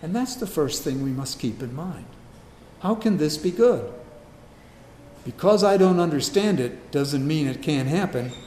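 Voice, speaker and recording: A man's voice: lively intonation, unhurried, slight background noise. Emphatic man preaching in an echoey room. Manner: emphatic, swings between loud declarations and low quiet asides. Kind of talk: sermon. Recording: echoey room with faint ambience.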